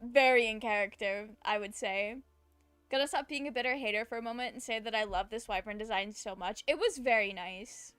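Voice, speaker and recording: A woman's voice: a little high, a little fast, a bit bright, clean tone, dry recording, soft background music. A woman live-streaming a video game, giving casual, playful, giggly commentary at a home setup.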